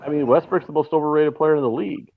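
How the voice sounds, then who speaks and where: This co-host of a laid-back sports betting chat speaks fast in a slightly high, steady, creaky voice, captured dry. Joining by remote call on a tinny, phone-like line with a little noise, he rants sarcastically and swears a lot.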